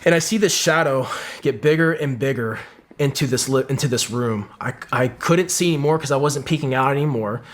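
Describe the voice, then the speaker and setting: Fairly quick and mid-range, the voice belongs to a middle-aged ex-Marine sniper. Speaking casually in an interview, he recounts a vivid combat story, peppered with swearing and acted-out quotes.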